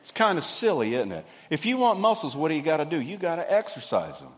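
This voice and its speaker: A man, preaching a sermon in a folksy, animated way. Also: a little high, fast. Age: 50s. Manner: folksy, animated, acts out little scenes. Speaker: pastor. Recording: hall reverb.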